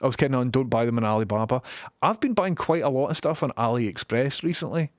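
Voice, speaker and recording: A man's voice: medium pitch, lively intonation, quick pace, no room sound. A young Scottish man chatting casually on a live stream from his home studio, joking and reading out viewer messages. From Scotland.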